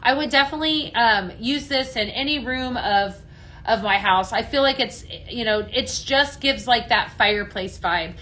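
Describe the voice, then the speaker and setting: Woman, Midwest-raised, live-sale host; enthusiastic, chatty, slightly raised pitch. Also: moderate pace, pushed and bright, slight background noise. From American Midwest. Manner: chatty, enthusiastic, greets viewers by name. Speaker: home fragrance consultant hosting a live sale. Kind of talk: casual live-stream product demo.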